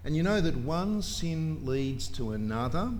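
A man's voice: fairly high pitch, very animated, unhurried, darkish tone, a little hiss or hum. A man preaching a sermon in a church, emphatic and full of rhetorical questions to his congregation.

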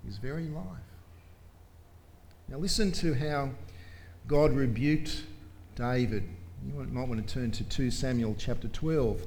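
A man's voice: mid-range voice, measured pace, darkish tone, a little hiss or hum. A man preaching a sermon in a church, emphatic and full of rhetorical questions to his congregation.

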